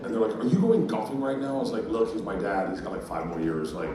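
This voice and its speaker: A man's voice: lowish voice, animated, fast talker. A man in his fifties doing stand-up, telling a profane, rowdy story and laughing through it, recorded live. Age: 50s. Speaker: stand-up comedian. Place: live comedy venue, audience laughter. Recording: echoey distant room recording with noise.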